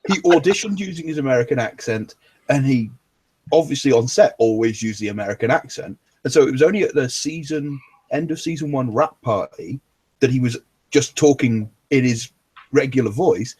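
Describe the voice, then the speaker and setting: A man's voice: medium pitch, animated, normal speed, a little mellow, breathy edge. A man co-hosting a casual podcast chat, telling jokey anecdotes. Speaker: podcast co-host. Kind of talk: casual chat on a live stream.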